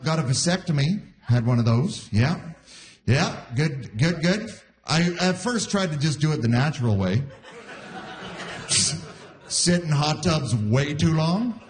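Lively middle-aged man doing stand-up. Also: fairly high pitch, unhurried, long pauses. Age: 40s. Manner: self-deprecating, acts out voices in quotes. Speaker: stand-up comedian. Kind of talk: stand-up comedy set. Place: live comedy venue before an audience. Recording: live audience laughter behind.

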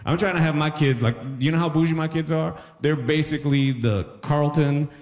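A man's voice: on the high side, brisk, darkish tone. A middle-aged man doing a stand-up set on a concert hall stage. He talks in a casual, self-mocking way and chuckles at his own jokes. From Toronto area, Canada. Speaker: stand-up comedian.

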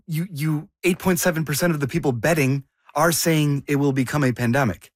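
A man's voice: fairly high pitch, brisk, no room sound, studio quality. A man co-hosting a news discussion, asking questions and explaining casually. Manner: questioning, casual, thinks aloud with restarts. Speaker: co-host.

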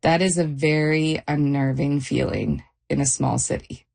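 A middle-aged woman retelling a frightening night in a halting, shaken interview. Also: deep voice, vocal fry, a little mellow. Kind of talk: personal testimony interview.

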